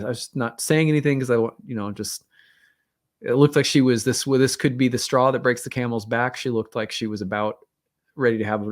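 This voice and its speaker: In a mid-range voice, a man who runs an astrology channel shares a personal story. It's a casual storytelling monologue, candid and meandering, packed with fillers and self-deprecating remarks.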